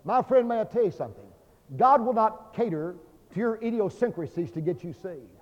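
A Baptist pastor preaching a fervent sermon, swinging between loud declarations and hushed tones. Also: male voice, high-pitched, lively intonation, a little fast. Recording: dull lo-fi sermon recording with long hall reverb.

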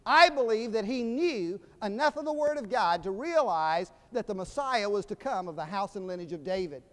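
A man's voice: high-pitched, lively intonation, normal speed. An older man from Georgia with a Southern accent, preaching a sermon with folksy storytelling and humor that builds into emphatic proclamation. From Georgia, USA. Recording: long reverb of a large hall.

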